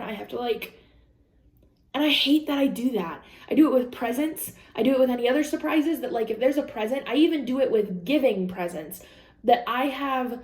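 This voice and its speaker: A young adult woman speaks in a slightly high, slightly mellow voice at a moderate pace as she vlogs casually. She's candid and rambling, laughing frequently and quoting herself and others, and the room echoes.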